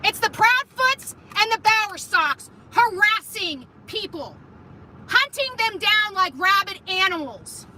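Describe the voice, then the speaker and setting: A woman's voice: extremely high pitch, lively intonation, a little slow, pushed and bright, recorded from a distance, slight background noise, low-quality recording. A woman filming herself in a heated roadside confrontation, taunting and profane, repeating her points. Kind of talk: heated phone-filmed confrontation.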